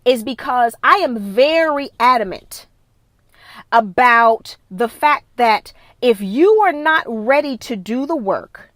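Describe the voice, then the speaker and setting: A woman's voice: a little high, lively intonation, slow pace, fairly bright tone, dry recording. A woman wellness coach giving a live-streamed motivational talk into her phone, emphatic and repetitive, driving her points home with a preachy insistence.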